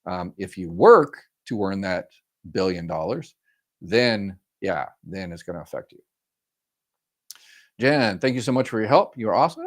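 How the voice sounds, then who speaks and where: A man's voice: sits low, lively intonation, unhurried. A man hosting a live stream, reading viewer comments aloud and answering them informally with many fillers and a friendly "y'all". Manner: friendly, says "y'all" often. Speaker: host answering viewer questions. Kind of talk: live-stream Q&A, casual chat.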